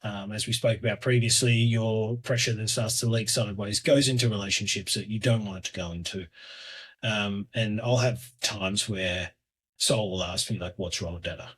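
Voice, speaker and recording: A man in his thirties hosting a solo podcast, talking in a hesitant, reflective way with lots of fillers and restarts, often trailing off quietly. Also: fairly low pitch, steady tone, moderate pace, husky. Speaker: podcast host.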